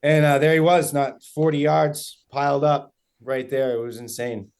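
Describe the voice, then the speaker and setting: A young man with a New England accent telling a hunting story in casual chat, rambling and excited, full of fillers. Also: a little high, moderate pace, smooth. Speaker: guest hunter.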